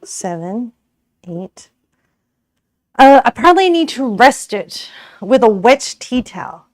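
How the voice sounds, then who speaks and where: A woman's voice: on the high side, sing-song, takes it slowly, dry recording, studio quality. An Australian woman streamer chatting casually with her viewers while cooking, giggly and rambling, often correcting herself.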